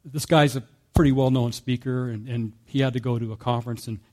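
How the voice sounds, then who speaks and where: A man preaching a sermon in a relaxed, conversational way, telling a story with fillers and small chuckles. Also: medium pitch, fairly quick. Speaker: pastor.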